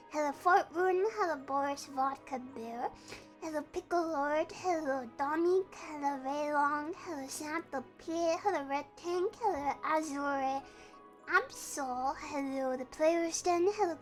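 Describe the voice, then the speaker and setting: A woman's voice: sits high, fairly bright tone. A woman streaming live, chatting casually and greeting viewers by name in a bubbly way.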